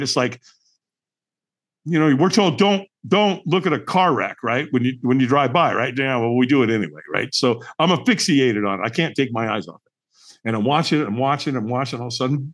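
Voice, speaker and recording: A middle-aged man, a podcast guest, telling a personal story in an animated, emphatic way and acting out the dialogue. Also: medium pitch, fairly quick. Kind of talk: storytelling in conversation.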